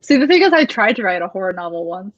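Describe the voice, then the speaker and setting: A woman's voice: medium pitch, very animated, fast talker, dry recording. A young woman chatting casually, her speech loose and full of fillers. The sound is dull and lo-fi, and completely dry, with no room in it. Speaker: author hosting a release-day livestream. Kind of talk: casual chat.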